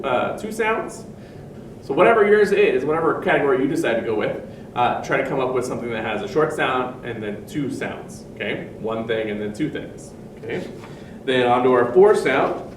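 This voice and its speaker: A man's voice: medium pitch, reverberant, recorded from a distance, a little hiss or hum. A man teaching a recorded music lesson to young children, patiently explaining step by step and chanting rhythm syllables.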